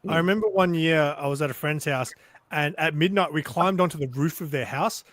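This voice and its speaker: A man's voice: fairly high pitch, fairly quick, no room sound. A man with an Australian accent telling stories animatedly as a guest on a casual livestream. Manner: animated storyteller. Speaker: guest on a stream panel. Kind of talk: casual chat on a video call.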